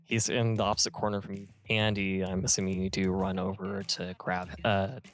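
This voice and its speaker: A man's voice: sits low, level tone, normal speed, faint music behind. Man narrating a tabletop game. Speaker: game master.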